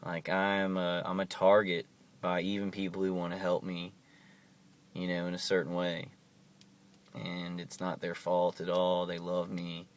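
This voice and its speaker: A man speaks into his camera at home in a deep, level voice that barely rises or falls. He talks in a halting, earnest way, circling back and repeating phrases as he goes. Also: monotone, a little hiss or hum. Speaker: vlogger. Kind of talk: casual monologue to camera. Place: at home, indoors.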